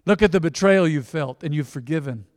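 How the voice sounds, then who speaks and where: A man with a fairly high voice preaches to his congregation, talking to them like friends and swinging from loud, emphatic bursts to quiet asides. His voice is close and dry, with a long hall reverb trailing behind it. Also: fairly quick. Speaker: pastor. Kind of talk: sermon.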